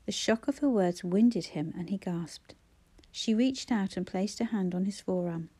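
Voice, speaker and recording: A woman reading a novel aloud in measured, expressive scripted narration. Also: medium pitch, husky. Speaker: audiobook narrator.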